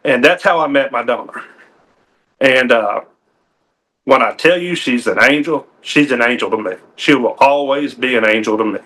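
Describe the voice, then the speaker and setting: Bright-voiced man telling his story. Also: mid-range voice, moderate pace. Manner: folksy and earnest, with frequent restarts and "uh". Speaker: game warden. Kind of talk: personal story in a TV interview.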